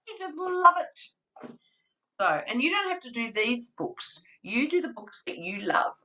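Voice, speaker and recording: Slow, bright-voiced woman webinar presenter. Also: sits high, rough recording. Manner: animated, acts out story voices and sounds. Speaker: webinar presenter for family day care educators. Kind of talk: demonstrating storytelling with props.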